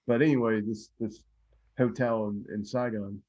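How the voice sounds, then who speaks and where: A man who wrote a history book, retelling events in a halting casual chat with many repeated words. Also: fairly low pitch, steady tone, darkish tone, lo-fi sound. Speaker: author guest.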